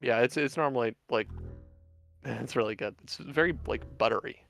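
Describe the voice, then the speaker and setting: A man's voice: medium pitch, normal speed, vocal fry, fairly bright tone, soft background music. A man streaming, chatting casually and telling a long story with lots of fillers and swearing. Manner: laid-back storyteller, many fillers and swearing. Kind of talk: casual chat.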